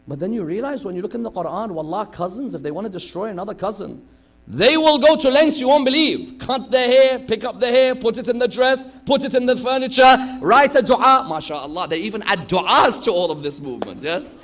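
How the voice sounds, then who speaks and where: A man's voice: high voice, animated, a little fast, a bit bright. A man preaching a sermon from the pulpit, retelling stories dramatically and acting out the dialogue. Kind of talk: sermon storytelling. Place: lecture hall pulpit. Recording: dull lo-fi sound.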